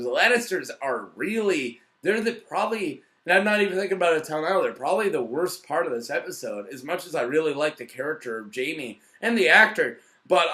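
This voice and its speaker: Profane, bright-voiced male reviewer. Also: on the high side. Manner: profane and blunt, rambling with restarts. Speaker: TV episode reviewer. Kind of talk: casual rant-style review.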